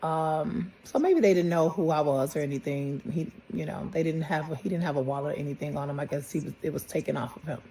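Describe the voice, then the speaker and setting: A middle-aged woman, a mother slowly retelling a personal story and quoting the people involved. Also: deep voice, mellow, a little hiss or hum, poor audio. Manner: plain, halting retelling with quoted dialogue. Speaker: grieving mother.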